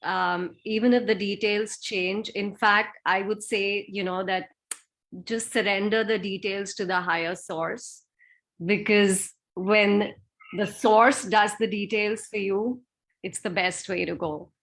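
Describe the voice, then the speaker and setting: A woman guest in a live video interview, speaking calmly and earnestly. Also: mid-range voice, slow.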